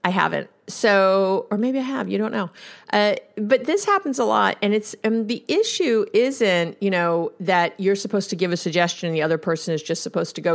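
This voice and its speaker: A woman's voice: medium pitch, lively intonation, moderate pace, vocal fry. Chatty, casual woman host, counselor, storytelling. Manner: chatty storytelling, conversational asides. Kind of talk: casual podcast monologue.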